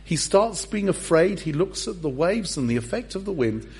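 A man's voice: high voice, very animated, moderate pace, creaky, darkish tone, slightly rough. A man, a pastor giving a humorous sermon in a church service and acting out the story. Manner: humorous storyteller with comic voices.

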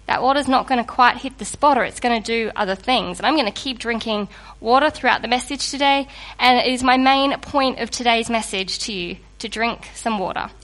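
A woman giving a sermon to a congregation in a lively, conversational and humorous way, just getting over a cold. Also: a little high, a little fast, few pauses. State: recovering from a cold. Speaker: preacher.

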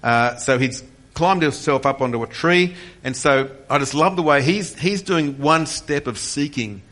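A man's voice: fairly high pitch, unhurried. A man in his forties preaching a passionate sermon with personal testimony, rising in intensity on key points. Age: 40s. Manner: passionate, rising to near-shouts on key points, with frequent restarts. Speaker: pastor.

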